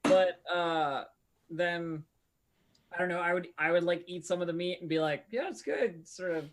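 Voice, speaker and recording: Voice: mid-range voice, level tone, normal speed. A player in a tabletop game, talking casually and hesitantly with many fillers.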